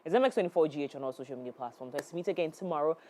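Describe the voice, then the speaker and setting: A woman hosting a morning talk show, bubbly and quick to laugh. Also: deep voice, lively intonation, a little mellow, a little hiss or hum. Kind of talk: casual interview chat. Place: TV studio.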